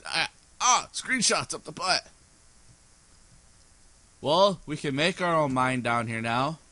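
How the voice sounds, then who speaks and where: A man's voice: on the high side, expressive, slow, sharp tone, no echo. A sleepy young man rambling through let's play commentary, goofy and scattered, with silly asides. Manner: goofy, rambling, sings snippets and silly voices. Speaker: gaming YouTuber.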